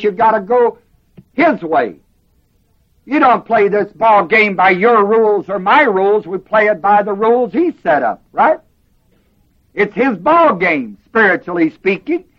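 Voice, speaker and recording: A man's voice: high-pitched, lo-fi sound. A man preaching a sermon to a class, emphatic and asking them questions. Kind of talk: sermon teaching.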